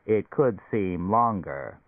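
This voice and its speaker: A man's voice: low-pitched, lively intonation, slow, dry recording, full character voice. A man voicing an obliging machine therapist in a suitcase, with a tinny sound and a polite, explanatory manner. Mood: explaining. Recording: dry, phone-like narrow sound.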